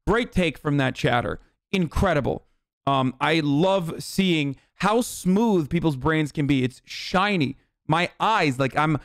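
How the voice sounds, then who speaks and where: A man's voice: lively intonation, fairly bright tone, no echo, studio quality. Profane, ranting male streamer. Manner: profane, heated, rapid ranting; mocks chat in a sarcastic high voice. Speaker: livestream political commentator. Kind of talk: livestream commentary.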